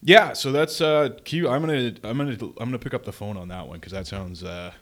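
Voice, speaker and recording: A man's voice: mid-range voice, a little fast, fairly bright tone. A man co-hosting a podcast, chatting casually in a rambling way full of fillers and frequent chuckles. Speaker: podcast co-host. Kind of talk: casual chat.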